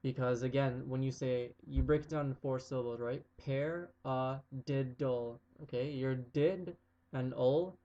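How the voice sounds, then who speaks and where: A man's voice: mid-range voice, normal speed. Laid-back male drum teacher, lo-fi recording. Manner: relaxed, repeats "okay?" often, counts aloud loudly while playing. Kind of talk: casual video lesson. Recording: dull lo-fi sound with faint noise.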